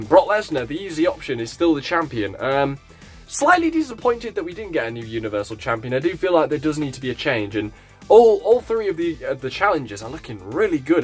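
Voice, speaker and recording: A man giving a casual, blunt wrestling review vlog, swearing freely and sounding animated. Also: a little high, breathy edge.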